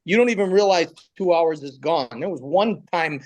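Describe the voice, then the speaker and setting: A comedian with a fairly high voice chats easily in an interview. He tells stories with lots of energy and slips into voices as he goes. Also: normal speed. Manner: animated storyteller, breaks into voices. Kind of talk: casual interview chat.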